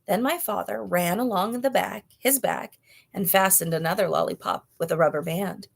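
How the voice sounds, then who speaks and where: A woman reading a children's novel aloud, with clear, expressive storytelling. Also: mid-range voice, moderate pace. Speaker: storybook reader.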